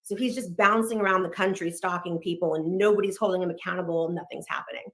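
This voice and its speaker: Woman in her 30s from LA, talks fast and candid, slightly low voice, acts out the dialogue as she goes. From Los Angeles, United States. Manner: fast, candid, animated retelling with quoted dialogue. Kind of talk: personal storytelling.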